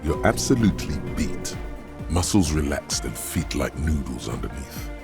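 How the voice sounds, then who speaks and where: A man giving scripted narration for a video game, measured and literary. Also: rumbling low, big pitch swings, music in the background, exaggerated voice. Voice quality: gravelly.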